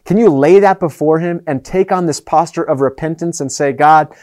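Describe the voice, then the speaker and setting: A man preaching a sermon as pastor, earnest, moving between raised and hushed delivery. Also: fairly high pitch, fairly quick.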